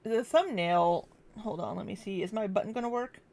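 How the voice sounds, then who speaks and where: In a medium-pitched voice with a darkish tone and normal speed, a young woman livestreams casually from her kitchen at home. She chats in a distracted way, reading super chats and welcoming viewers by name.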